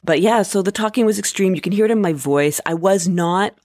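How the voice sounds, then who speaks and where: A woman's voice: mid-range voice, fairly quick, a little mellow, no echo, clean studio sound. A woman comedian hosting a podcast, telling a personal story in a candid, reflective and self-deprecating way. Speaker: stand-up comedian and podcast host.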